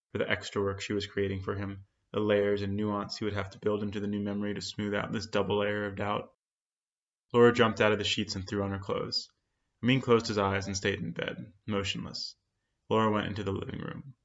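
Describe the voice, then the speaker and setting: A man reads a literary story in a measured, quiet voice. His voice is low and carries a gravelly fry. The sound is dull and lo-fi.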